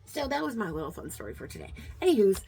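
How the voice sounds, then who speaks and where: A woman's voice: mid-range voice, wildly swooping pitch, fast talker, creaky, a little mellow, faint music behind. A middle-aged woman vlogging in a casual, heartfelt chat to her viewers, rambling with lots of fillers and restarts and getting slightly emotional. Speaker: beauty vlogger.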